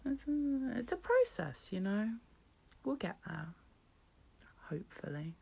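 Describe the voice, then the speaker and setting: A woman's voice: medium pitch, sing-song, a little slow, vocal fry, a little mellow, slightly rough. A woman musician talking casually to camera, rambling and self-mocking, often dropping to a whisper. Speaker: musician and creator. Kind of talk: casual personal vlog talk.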